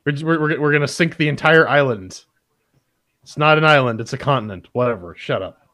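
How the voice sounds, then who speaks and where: A man with a Canadian accent hosts a laid-back gaming chat show. His delivery is rambling, full of restarts and repeated words, and his pitch sits in an ordinary middle range. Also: fairly quick, bright, forceful tone. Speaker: podcast host. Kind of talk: casual chat.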